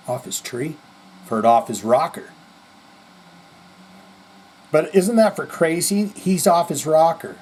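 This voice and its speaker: A man hosting a rock news show, telling stories in an animated way with rambling asides. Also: fairly high pitch, a little hiss or hum, low-quality recording. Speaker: podcast host.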